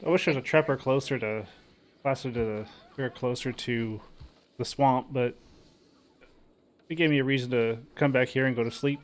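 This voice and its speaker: Easygoing man in game roleplay. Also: medium pitch. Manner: casual, halting, trails off mid-sentence. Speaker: roleplayer playing a frontiersman. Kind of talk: in-character roleplay chat.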